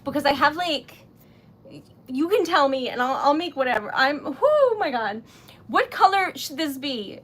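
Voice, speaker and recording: A woman's voice: high-pitched, expressive, a little slow, fairly bright tone. A woman hosting a casual craft livestream, chatty and easily flustered, laughing often. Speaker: livestream host making wax seal stickers.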